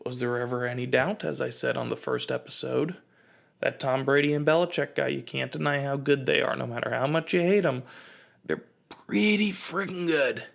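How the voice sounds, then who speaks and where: Young American host, gravelly voice, rambling comedic storyteller. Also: male voice, medium pitch, fairly even intonation, fairly quick. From United States. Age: 20s. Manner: rambling storytelling, lots of fillers. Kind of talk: casual comedic rant.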